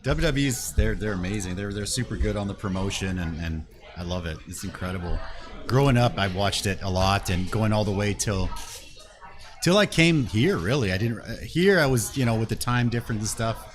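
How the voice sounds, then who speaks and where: A middle-aged man hosting a casual talk show, relaxed, chatty and full of restarts and yeahs. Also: lowish voice, brisk, faint music behind. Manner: relaxed, repeats words and restarts often, frequent yeahs. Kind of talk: casual chat.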